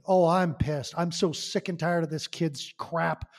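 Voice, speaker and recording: A man's voice: fairly high pitch, a little slow, long reverb tail. A man talking as a podcast guest, passionate and emphatic, asking rhetorical questions. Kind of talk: conversational podcast talk.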